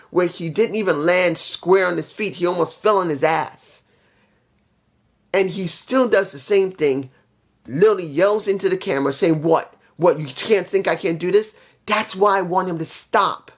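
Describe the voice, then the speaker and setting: A man giving a casual, opinionated review in a blunt, profane way, often repeating phrases for emphasis. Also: a little high. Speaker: wrestling show reviewer.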